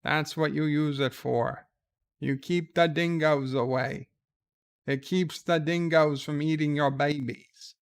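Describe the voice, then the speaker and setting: A man's voice: on the high side, steady tone, slow, gravelly. A man voicing a brash, boisterous Australian cousin with a put-on Australian accent who barks rowdy greetings.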